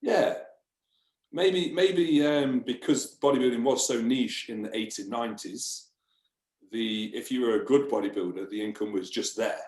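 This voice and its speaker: A man's voice: medium pitch, normal speed. Sweary man in a roomy studio. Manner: relaxed, sweary, laughs often. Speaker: guest. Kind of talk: casual podcast chat. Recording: roomy echo.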